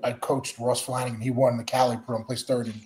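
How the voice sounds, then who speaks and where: A man appearing as a guest coach, answering questions in a measured, plain way with frequent fillers. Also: mid-range voice, level tone, darkish tone, a little hiss or hum. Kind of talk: casual interview answers.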